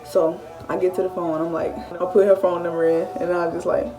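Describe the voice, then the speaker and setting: A late-teen woman tells a casual, animated story for her vlog, swearing freely. Her voice is low and gravelly with vocal fry. She sits a little back from the mic, with music clearly audible underneath. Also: brisk, distant mic. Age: late teens. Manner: animated, swearing storyteller who often acts out her own thoughts. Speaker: vlogger.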